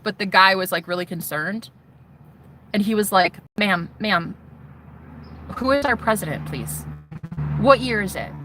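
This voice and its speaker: A young woman telling a personal story to her viewers in an animated, swearing way, acting out what others said. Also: medium pitch, slight background noise, rough recording. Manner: animated, swearing, acts out quotes. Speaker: vlogger. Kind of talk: storytelling testimony.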